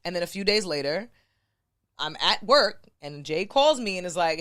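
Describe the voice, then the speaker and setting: A woman's voice: lowish voice, normal speed, no echo, studio quality. A woman in her thirties from New York City, telling stories casually as a podcast guest and acting out what other people said. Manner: animated, acts out quoted voices of others. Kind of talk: casual storytelling chat.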